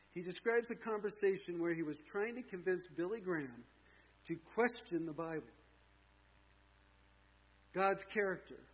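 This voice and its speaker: A man delivering a sermon, recounting a story to his congregation and dropping in offhand asides. His voice sits a little high for a man. It has a husky, breathy edge. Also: poor audio. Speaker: pastor.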